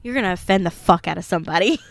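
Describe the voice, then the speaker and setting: A woman's voice: lowish voice, racing, gravelly, noisy background. A young woman co-hosting a podcast, reading aloud and chatting casually, laughing often, teasing and swearing. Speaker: podcast co-host.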